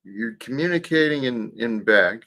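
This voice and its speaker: A man's voice: mid-range voice, lively intonation, normal speed, bright, forceful tone. A man hosting a livestream, talking casually and reflectively about faith and life, with some restarts. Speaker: livestream host.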